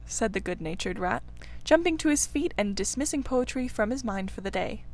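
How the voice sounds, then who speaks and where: A woman narrating a classic children's story aloud in a gentle, measured reading voice. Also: on the high side, lively intonation. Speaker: audiobook reader.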